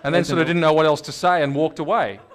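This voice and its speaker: An Australian man, a guest in an interview, telling stories in a lively conversational way and acting out the people he quotes. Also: a little high, fast talker. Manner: animated storyteller, acts out quoted voices.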